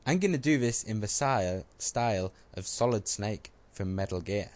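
Man, low voice, podcast co-host, casual joking chat, self-mocking. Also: lively intonation, moderate pace, few pauses, a little hiss or hum.

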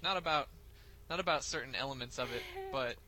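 A man's voice: mid-range voice, fairly quick, a crowd in the background, low-quality recording. A man co-hosting a casual podcast, laid-back and full of crude wisecracks. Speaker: podcast co-host.

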